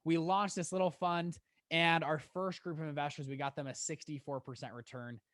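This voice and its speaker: A young man in his twenties, a guest on a podcast, telling his story in a lively way with many restarts. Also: a little high, dry recording, clean studio sound. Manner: animated, quick storyteller with laughs and restarts. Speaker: guest, fund manager. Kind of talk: casual storytelling in an interview.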